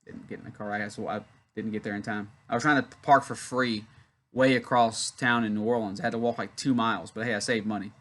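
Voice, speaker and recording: This YouTube wrestling host, a young Louisiana man, talks a little fast in a fairly low, fairly bright voice with mostly even intonation. He's chatty and rambling, spinning a story in between comments on the match during a casual watch-along.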